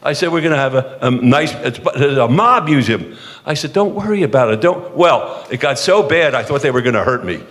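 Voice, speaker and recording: Older man from the eastern US, retired politician type spinning wry self-mocking anecdotes, mid-pitched voice, long hall reverb. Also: animated, moderate pace, a bit bright. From eastern United States. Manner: self-deprecating and jokey, with frequent restarts and chuckles. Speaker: former mayor, panel speaker. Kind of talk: humorous anecdotal storytelling on a panel.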